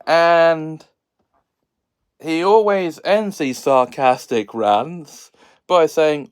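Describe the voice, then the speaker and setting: Slow, clear-voiced man hosting a chatty video. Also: a little high. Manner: laughs between lines, jokey and sarcastic. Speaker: video host. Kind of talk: casual solo commentary.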